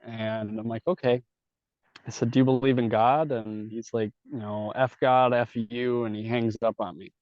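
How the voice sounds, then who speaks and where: A man's voice: lowish voice, fairly even intonation, moderate pace, no echo. A man telling candid stories in a casual, profane way, acting out each side of the conversations. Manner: casual, swears a lot, acts out dialogue. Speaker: podcast guest telling his story. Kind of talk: candid storytelling. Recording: dull dry podcast audio.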